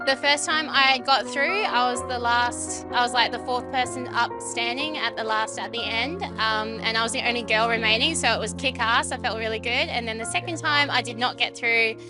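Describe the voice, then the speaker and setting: A woman's voice: fairly high pitch, normal speed, few pauses, music in the background. A woman comedy contestant, frank and crude, telling jokes and then chatting about her past shows. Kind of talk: stand-up then interview.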